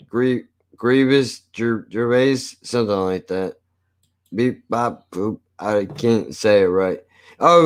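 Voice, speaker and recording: Slow, low, rambling streamer. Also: male voice, smooth. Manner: rambling, crude, laid-back. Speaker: watch-along streamer. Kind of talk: casual reaction commentary.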